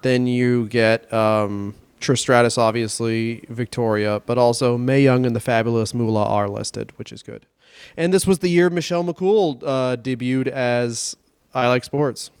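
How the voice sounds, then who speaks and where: A man's voice: medium pitch, steady tone, a little slow, smooth, no room sound. A man co-hosting a comedy podcast, chatting casually in a rambling, jokey way that trails off.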